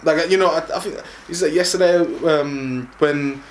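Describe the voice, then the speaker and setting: A man's voice: a little high, moderate pace, a little hiss or hum. Rambling man talking football. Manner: rambling, many fillers and restarts. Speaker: podcast co-host. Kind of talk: casual football chat.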